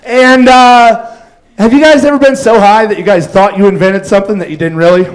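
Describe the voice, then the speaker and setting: A man's voice: sits high, fairly even intonation, a little fast, rough recording. A man doing a stand-up set on a club stage, telling rambling stories full of fillers and acted-out quotes. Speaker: stand-up comedian.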